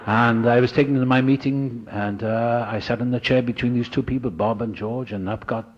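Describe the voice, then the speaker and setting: An older man telling a personal recovery story to an audience, animated and acting out the voices of people he met. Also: medium pitch, moderate pace, muffled recording. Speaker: speaker sharing his recovery story.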